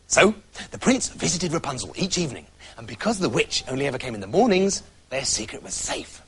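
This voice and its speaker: A man's voice: mid-range voice, big pitch swings, fairly quick. A man narrating a comic fairy tale in a playful, theatrical way. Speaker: storyteller.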